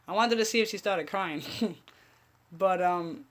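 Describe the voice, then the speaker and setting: A woman's voice: on the low side, measured pace. A woman hosting an online radio show, ranting bluntly and profanely while replying to her chat. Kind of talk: casual ranting commentary.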